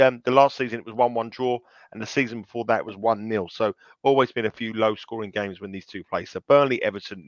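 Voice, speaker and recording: A man's voice: on the low side, fairly bright tone, no room sound. A man co-hosting a betting podcast, telling stories in a rambling, self-mocking way with many restarts. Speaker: podcast co-host, betting tipster. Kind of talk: casual podcast chat. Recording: slightly dull lo-fi sound.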